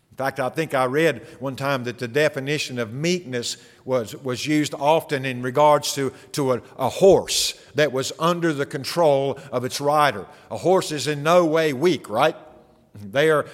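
Man preaching in a reverberant hall. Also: medium pitch. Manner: earnest preaching with rhetorical questions. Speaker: pastor. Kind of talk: sermon. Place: church sanctuary.

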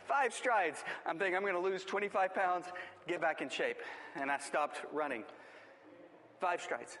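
A man with a high voice delivers a sermon, pressing his points with growing emphasis. He reads a rhymed poem aloud in the same preaching manner. His words ring out with a long reverb, as in a large hall. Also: sharp tone, a little hiss or hum. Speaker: pastor.

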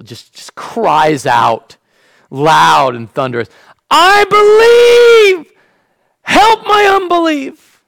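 A man preaching a sermon as a pastor. He acts out the quotes and drops to a hush when he wants a point to land. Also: medium pitch, gravelly, no echo, low-quality recording.

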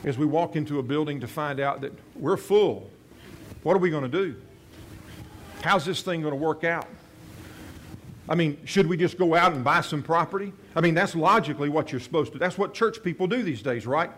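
Speaking at a moderate pace with a voice on the high side, a man preaching as a pastor tells a personal story earnestly, often repeating and restarting his phrases. He voices quoted prayers softly, and a little hiss or hum can be heard.

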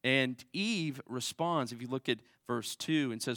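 A man preaching a sermon, conversational and direct, often tossing "right?" to the congregation. His voice sits in an ordinary middle pitch and swings from raised emphasis down to quiet asides. The sound is dry, with little room echo. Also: measured pace, hardly any pauses. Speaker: pastor.

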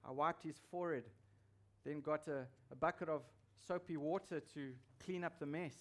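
This sermon comes from a male pastor whose fairly high voice is a bit bright and moves at normal speed. He pushes his points forcefully, repeating key phrases so they sink in.

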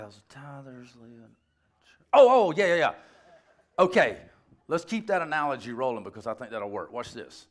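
A male pastor preaching a sermon in an animated, joking way, with rambling asides. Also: fairly high pitch.

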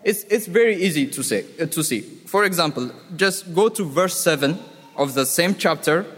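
Male preacher, unhurried sermon delivery, slightly high voice, long hall reverb. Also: animated, fairly bright tone, breathy edge. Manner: slow, emphatic, repeats key words.

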